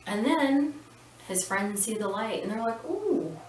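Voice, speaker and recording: A woman's voice: medium pitch, measured pace. A woman hosting a casual movie recap, chatty and rambling, with opinionated asides. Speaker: podcast host recapping a film. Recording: roomy and distant with faint noise.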